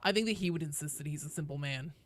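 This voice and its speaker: A woman in her thirties streaming a game, chatting casually with viewers, joking and sometimes bursting into loud swearing. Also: low-pitched, quick pace, faint music behind. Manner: chatty and jokey, breaks into loud swearing outbursts. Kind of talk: casual live-stream chat answering viewers.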